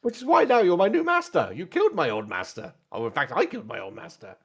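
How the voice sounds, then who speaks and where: A man's voice: high-pitched, wildly swooping pitch, quick pace, breathy edge, pitched above the performer's own voice, full character voice. A man voicing a small, eager robot droid that talks in stiff, formal phrases to its new master. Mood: earnest. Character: eager little male robot droid, servile and earnest.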